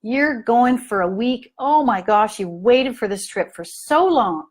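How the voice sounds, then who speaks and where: Lively storytelling woman, slow and deliberate. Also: on the high side. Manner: animated storytelling, acts out scenes in lively voices. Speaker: parent coach. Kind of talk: live training talk to an online audience.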